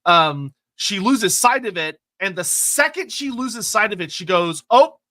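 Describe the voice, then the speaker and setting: A man co-hosting a live lore stream, chatty and quick with asides. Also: sits high, lively intonation, sharp tone.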